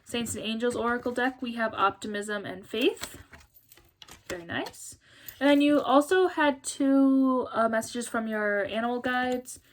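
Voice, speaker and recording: A woman's voice: fairly high pitch, unhurried, slight background noise. A young woman giving a casual tarot reading to camera, chatty and apologetic, laughing often and sounding tired. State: tired, yawning. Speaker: tarot reader.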